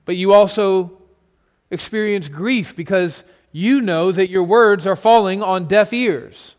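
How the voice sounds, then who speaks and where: A pastor preaching a sermon, retelling a scene in vivid second person with dramatic pauses. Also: male voice, high-pitched.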